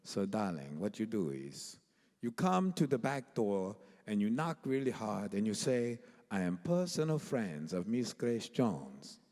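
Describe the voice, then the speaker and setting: An affected, glamorous diva who purrs "darling" and draws out every phrase, as a male storyteller puts her on. The voice sits slightly low, and a long hall echo hangs behind it. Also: very animated, a little slow, a little mellow. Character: affected glamorous female diva, drawling 'darling'.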